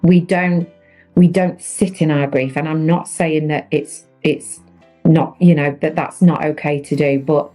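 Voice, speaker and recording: A woman's voice: low-pitched, fairly even intonation, measured pace, dark tone, faint music behind, low-quality recording. A woman in her thirties, a podcast guest, telling her own story in an earnest, reflective way during a candid conversation.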